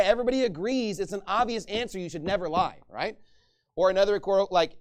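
Man preaching with a smooth, clear voice. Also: sits high, fast talker. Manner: emphatic preaching with sudden loud peaks; conversational asides with frequent "okay?" and "right?". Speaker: pastor. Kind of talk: sermon.

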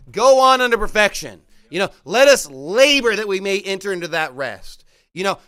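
A man preaching a sermon in a church, fervent, with short punchy rhetorical questions and shouts at points of emphasis. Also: sits high. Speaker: pastor. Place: church hall.

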